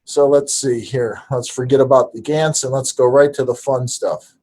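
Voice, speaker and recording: A man's voice: mid-range voice, steady tone, moderate pace, darkish tone, rough recording. A man from the Detroit area, taking part in an online group call, talks in a friendly, polite and rambling way as he shows his projects. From Detroit area, United States. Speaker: participant showing his projects. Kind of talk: casual group video call.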